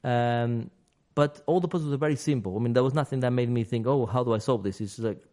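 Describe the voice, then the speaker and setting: A man chatting on a games podcast at an ordinary pitch. He rambles through his thoughts and often stops to restart a sentence. He laughs easily along the way. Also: fast, warm tone. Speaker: podcast host. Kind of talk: casual podcast chat about games.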